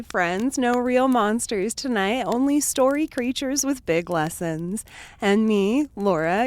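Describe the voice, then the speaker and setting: A woman hosting a children's storytime, telling tales in a gentle, hushed, dramatic way. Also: on the high side.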